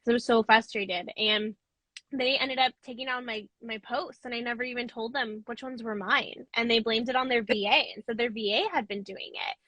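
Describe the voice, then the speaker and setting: Bright-voiced woman host, dry sound. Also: on the high side, steady tone, normal speed, no room sound, low-quality recording. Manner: chatty, affirming interviewer. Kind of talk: casual conversation.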